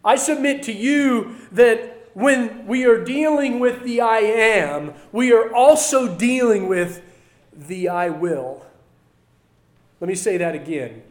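High-voiced preacher, emphatic and dynamic. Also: male voice, expressive, slow pace. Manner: emphatic, swings from loud declarations to quiet asides; repeats key phrases for emphasis. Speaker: pastor. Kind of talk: sermon.

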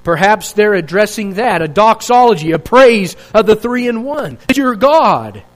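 Man, pastor, sermon, high-pitched, earnest, rhetorical questions. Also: moderate pace, rough recording.

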